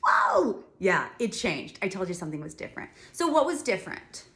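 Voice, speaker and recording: A woman's voice: fairly low pitch, very animated, brisk, echoey room. A woman teaching a music lesson to young children, talking and singing patiently and explaining each step. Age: adult.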